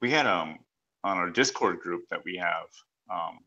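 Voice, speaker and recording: A man's voice: deep voice, expressive, moderate pace, bright, forceful tone. A middle-aged man from Southern Oregon chatting in a rambling, hesitant way on a group talk show. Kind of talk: casual discussion. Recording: dull lo-fi sound.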